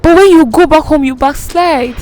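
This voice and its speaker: A woman's voice: high voice, moderate pace, darkish tone, pitched above the performer's own voice, close to an everyday voice. A woman mimicking a male preacher lecturing students at a school assembly. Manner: sermonizing.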